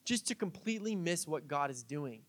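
A young man with a high, light voice preaching a casual sermon. He chats with his congregation, mixing stories and small jokes with easy fillers. His delivery stays relaxed and conversational. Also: moderate pace. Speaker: pastor.

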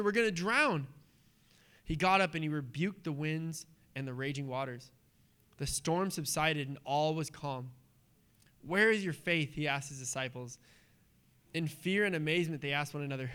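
A man preaching a sermon in a church, animated and conversational, with sudden hushed drops. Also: high voice. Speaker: pastor.

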